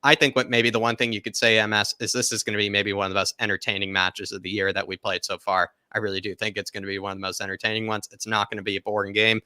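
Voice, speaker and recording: A man's voice: lowish voice, little pitch movement, fast talker, few pauses, pushed and bright, clean tone, no echo, clean studio sound. A man hosting a football live stream, reading viewer comments and rambling casually with fillers and laughs. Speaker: football channel host.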